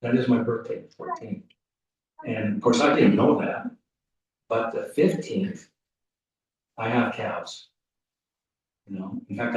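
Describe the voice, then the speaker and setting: A man giving a rambling, folksy eulogy at a funeral service, full of halting restarts. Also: medium pitch, muffled recording. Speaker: funeral speaker. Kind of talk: eulogy storytelling. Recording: echoey hall, mic off at a distance.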